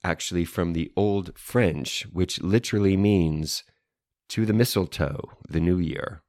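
A man's voice: sits low, a little slow, darkish tone, dry recording, studio quality. A man co-hosting a casual chat show, explaining history in an easy, playful way. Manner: explanatory, playful with mock French phrases. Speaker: podcast co-host.

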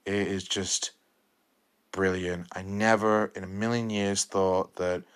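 Low, flat-voiced young man. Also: slow pace, smooth. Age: 20s. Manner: enthusiastic, rambling with restarts and repetitions. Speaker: podcast host. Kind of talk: casual film review monologue.

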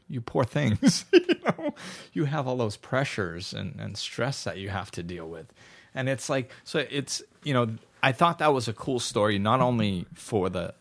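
A man's voice: mid-range voice, creaky, fairly bright tone. A man hosting a casual, reflective chat, telling stories with lots of restarts and false starts. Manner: rambling storyteller with frequent restarts.

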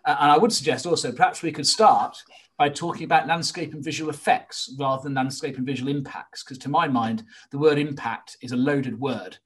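A man hosting a planning discussion, giving measured, opinionated commentary with frequent hesitant fillers. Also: medium pitch, a bit bright, slightly rough. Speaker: host. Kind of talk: expert commentary.

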